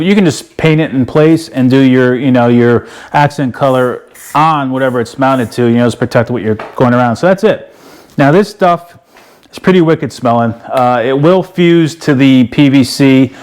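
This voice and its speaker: A man's voice: a little high, darkish tone. A middle-aged man hosting a casual how-to video, walking through a project in a folksy, rambling way with lots of fillers. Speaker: DIY video host.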